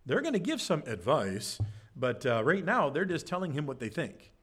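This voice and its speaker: A man's voice: big pitch swings, normal speed, husky. A man preaching a Bible-study sermon, conversational, with frequent "right?" asides and acted-out quotes. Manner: acts out quoted speech with shifts in pitch. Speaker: pastor.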